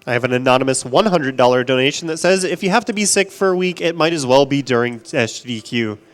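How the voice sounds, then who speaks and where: A man's voice: mid-range voice, expressive, fast. A man reading out donations and urging viewers on during a live charity gaming stream. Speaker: donation reader. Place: event stage.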